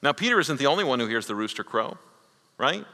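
A man's voice: medium pitch, sing-song, fast, sharp tone, long reverb tail. A man preaching a sermon as a pastor, telling a story earnestly and acting out the quoted lines.

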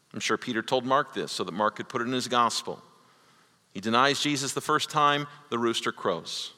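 A man's voice: mid-range voice, sharp tone, long reverb tail. A man preaching a sermon as a pastor, telling a story earnestly and acting out the quoted lines.

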